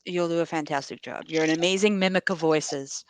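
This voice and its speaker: A woman co-hosting a podcast in casual chat. She gives calm, short, agreeable replies. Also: low voice, brisk, smooth, dry recording. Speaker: podcast co-host.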